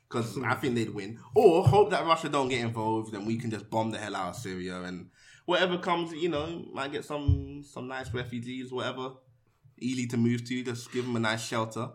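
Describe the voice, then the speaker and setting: A young man, hosting a casual podcast and telling provocative, rambling jokes. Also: mid-range voice. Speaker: podcast host.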